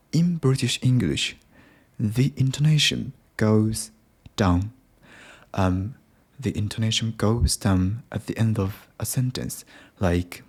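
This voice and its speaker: A man's voice: on the low side, a little mellow. A young Japanese man with a Japanese accent, hosting a casual solo podcast in English, hesitant and full of restarts. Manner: hesitant, many restarts and self-corrections. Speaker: podcast host.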